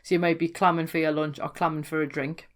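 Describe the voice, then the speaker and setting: A woman with a broad Geordie accent talks through local words in a casual, educational way. Her voice sits a little low for a woman. She is chatty and amused and often corrects herself partway through a sentence. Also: little pitch movement, fast talker. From North East England. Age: adult, worked in London before. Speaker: folklore blogger explaining dialect.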